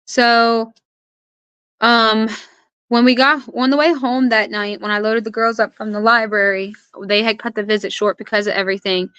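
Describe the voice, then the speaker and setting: A young woman speaks as an interview guest, earnestly walking through what happened and quoting the people involved. Her voice is bright and smooth, held in a narrow, even pitch range. The sound is dry and close. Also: moderate pace, no room sound. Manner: earnest, recounts events with quoted dialogue. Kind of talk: personal account in conversation.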